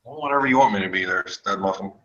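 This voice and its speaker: A man's voice: on the low side, rapid-fire, fairly bright tone. Sarcastic man on lo-fi voice chat. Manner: sarcastic, trades insults. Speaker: voice chat participant. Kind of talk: casual voice chat banter. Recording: dull lo-fi online voice chat audio.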